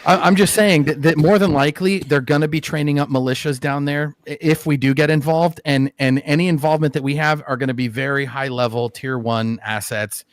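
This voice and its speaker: A man hosting a casual voice-chat debate, telling stories fast and saying "dude" a lot. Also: on the high side, steady tone, no room sound. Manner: fast storyteller, acts out quotes, says "dude" a lot. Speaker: host. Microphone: headset or desk mic on a voice call.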